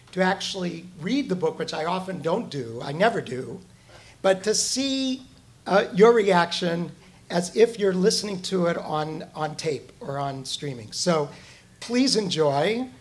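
Author reading his own memoir to a live crowd, high animated voice, echoey room. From Omaha, Nebraska. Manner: expressive, storytelling delivery. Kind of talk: reading aloud to a live audience. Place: event room with an audience. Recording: roomy, echoey hall.

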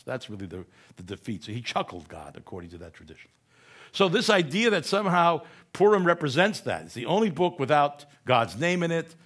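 A man's voice: medium pitch, big pitch swings, brisk, a bit bright. A man giving a humorous lecture in a conversational way, often asking "right?" and correcting himself mid-word.

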